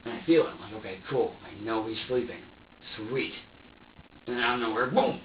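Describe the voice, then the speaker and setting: Being questioned by police, a young man in his twenties rambles haltingly and swears in a lowish voice. The mic sits far off in an echoey interview room, giving a dull, muffled sound with faint ambient hum behind him.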